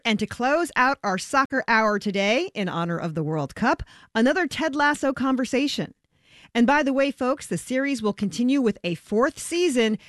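A woman's voice: fairly high pitch, fairly bright tone, no echo. A woman hosting a radio interview in a studio, upbeat and conversational. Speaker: radio host.

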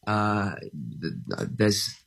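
A man's voice: fairly low pitch, lively intonation, drawn-out words, vocal fry, a bit bright. A man from England, an actor guest in a radio interview, answering thoughtfully with lots of "uh"s and restarts and a self-deprecating humor. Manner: hesitant, many fillers and restarts, self-deprecating.

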